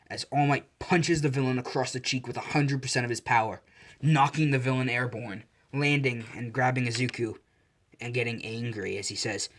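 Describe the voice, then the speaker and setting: A man's voice: medium pitch, steady tone, a little fast, a bit bright. A man narrating a fan fiction story casually, often correcting himself mid-sentence.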